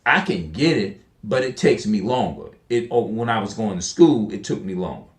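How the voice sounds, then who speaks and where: A man's voice: on the low side, expressive, moderate pace. A man talking casually into his camera in a slangy, rambling way, often repeating himself and now and then reading scripture aloud. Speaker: video creator. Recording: echoey room.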